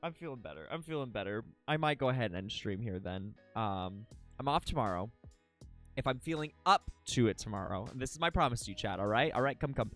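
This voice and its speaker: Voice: medium pitch, lively intonation, brisk, fairly bright tone, soft background music. A live streamer in casual chat, giggly and goofy, repeating silly words over and over.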